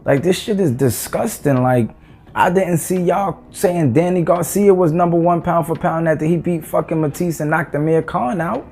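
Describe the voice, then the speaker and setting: Man, heated profane rant, mellow dark voice, faint music underneath, vlog. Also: on the high side, moderate pace. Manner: heated, profane, exasperated ranting. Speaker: boxing commentator. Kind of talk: ranting opinion vlog.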